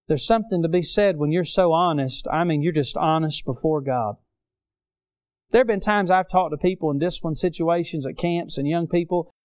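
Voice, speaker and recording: Middle-aged guy preaching, kinda high clear voice, gets loud then drops way down. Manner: preaching with dramatic rises and drops in volume. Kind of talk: sermon.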